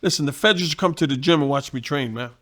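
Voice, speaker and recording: A man with a New York accent, a boxing trainer and guest telling profane, animated stories in casual talk. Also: fairly high pitch, quick pace. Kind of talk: casual storytelling.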